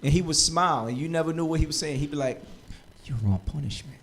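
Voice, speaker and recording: A man leads a live class in a slightly high voice. He jokes with his students, then builds into a rousing, preacher-like push for them to study. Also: racing. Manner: lively, joking, preacher-like urging. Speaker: Hebrew teacher.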